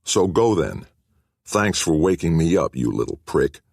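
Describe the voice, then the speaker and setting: A scornful, bullying school coach laying down the rules, as a male narrator voices him in an audiobook. The voice is husky and gruff, lifted a little above the reader's low tone, dry and close. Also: very animated, measured pace, darkish tone, no room sound, heavily acted. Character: bullying middle-aged male coach and teacher.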